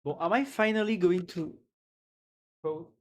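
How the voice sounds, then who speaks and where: A man's voice: sits high, a little slow. A man with a French accent chatting casually on a live stream, rambling and reading chat aloud; French is his first language. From France.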